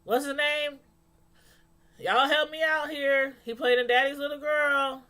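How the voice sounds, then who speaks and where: A woman's voice: high-pitched, fairly even intonation, measured pace, pushed and bright. A woman chatting casually with live viewers as she reviews a TV episode, laughing often and answering the chat. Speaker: show reviewer on a live stream.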